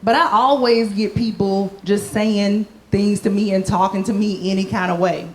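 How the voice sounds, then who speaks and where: A woman's voice: medium pitch, fairly even intonation, moderate pace. Female stand-up comic with a self-mocking delivery. Recorded on a noisy live stage. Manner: playful, self-mocking, acting out quoted voices. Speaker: stand-up comedian. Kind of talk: stand-up comedy set.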